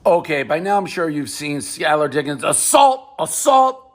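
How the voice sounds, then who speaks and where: A man ranting about a basketball game in an animated, mocking, profane way, with a husky voice. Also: on the high side, moderate pace. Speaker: sports commentator. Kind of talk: heated rant.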